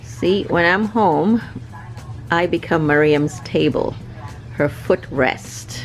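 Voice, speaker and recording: A woman's voice: fairly low pitch, slow. A woman who moved to the US as a teenager, chatting playfully at home with her family for a vlog and laughing often. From abroad, moved to the US at about sixteen. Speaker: vlogger and mother. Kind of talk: casual family vlog chat. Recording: clear background music under the voice.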